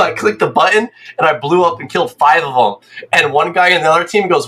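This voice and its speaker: A young man streaming a game, telling rambling, excitable stories in casual chat and checking in with "right?". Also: fairly high pitch, normal speed, soft background music. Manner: excitable, swears.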